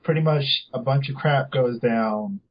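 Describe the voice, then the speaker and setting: A man's voice: mid-range voice, measured pace. Podcast co-host, man, plain mid voice, joking delivery, dull recording. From Alabama, US. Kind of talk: casual movie-review chat.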